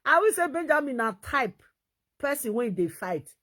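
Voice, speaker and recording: A woman with a Nigerian Pidgin accent, talking in an animated, laughing vlog commentary. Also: high-pitched, moderate pace. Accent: Nigerian Pidgin English. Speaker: vlogger.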